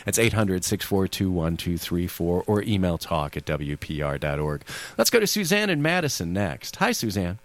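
A man's voice: low-pitched, very animated, moderate pace, few pauses, slight background noise. A man hosting a radio call-in show, with a jokey, easygoing manner. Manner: jokey and easygoing, laughs along with callers. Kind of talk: casual radio talk.

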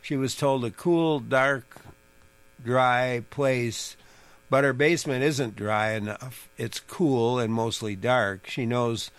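Man, radio host, call-in garden show, relaxed, dry close mic. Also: medium pitch, takes it slowly, clear, resonant tone, dry recording. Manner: relaxed, reads listener questions.

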